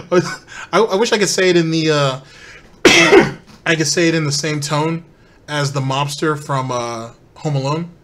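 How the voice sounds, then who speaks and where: A man hosting a reaction-commentary show. His voice sits a little high, and he talks in a sarcastic, mocking way, breaking into scornful asides and speaking straight to his audience. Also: expressive, unhurried, a bit bright. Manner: sarcastic and mocking, addresses viewers. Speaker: commentary channel host.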